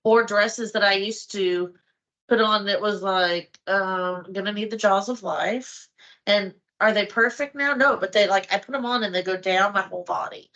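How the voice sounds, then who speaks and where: A woman's voice: mid-range voice, normal speed, a bit bright, highs cut off. A middle-aged woman chatting as a guest, telling stories and acting out her own thoughts. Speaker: host's wife, guest. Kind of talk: casual chat.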